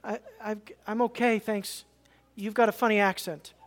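A preacher briefly voicing a proud male royal treasurer who is self-important and brushes people off, in a brisk, offhand way. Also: medium pitch, little pitch movement, natural voice. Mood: brushing off. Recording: long reverb.

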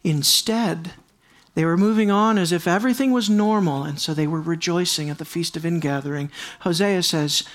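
At normal speed and medium pitch, an earnest preacher delivers an expository sermon, taking the text verse by verse. He's emphatic, repeating key lines for weight and firing rhetorical questions directly at the congregation.

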